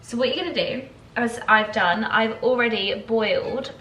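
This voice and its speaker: Speaking at a normal speed, a young woman with a fairly high, sharp-toned voice gushes casually through a lifestyle vlog at home. Her indoor recording is echoey, with faint ambience and a little hiss or hum.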